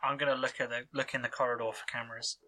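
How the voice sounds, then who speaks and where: A man's voice: medium pitch, level tone, racing, background noise. A man playing a tabletop game, chatting and planning his moves aloud. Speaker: player. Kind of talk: casual table chat.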